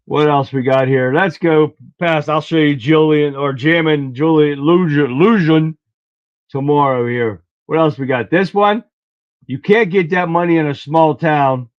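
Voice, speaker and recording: A man's voice: fairly high pitch, measured pace, no room sound. Blunt folksy male livestream host. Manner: folksy, blunt, clears throat often. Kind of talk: casual political commentary. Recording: dull lo-fi dry sound.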